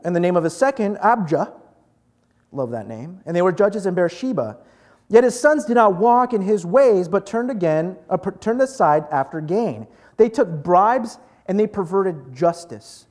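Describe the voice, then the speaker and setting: A young man preaching a casual, joking sermon to a live group, talking animated and conversational. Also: high voice.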